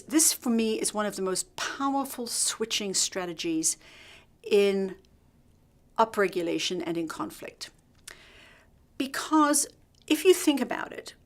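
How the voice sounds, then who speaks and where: A middle-aged woman teaching leadership through a hospital story, telling it in a lively way and acting out the dialogue. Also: mid-range voice. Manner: lively, acts out quoted dialogue. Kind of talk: storytelling workshop talk.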